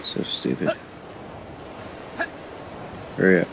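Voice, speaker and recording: While playing a video game, a man speaks slowly over background noise, casually chatting to his viewers and to the creatures on screen. This gaming YouTuber frequently sounds frustrated.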